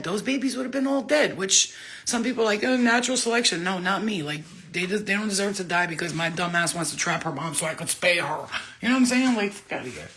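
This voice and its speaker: A woman chatting casually into her phone camera for a vlog, excitable and rambling, swearing freely as she goes. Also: fairly low pitch. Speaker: vlogger.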